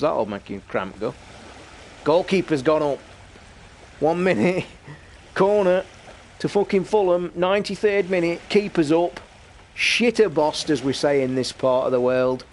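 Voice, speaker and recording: A middle-aged man, livestreaming a game while ranting and shouting over a football match. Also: fairly high pitch, slight background noise. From England. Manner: excitable and sweary, shouting at football. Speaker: gaming streamer. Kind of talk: live stream commentary while gaming and watching football.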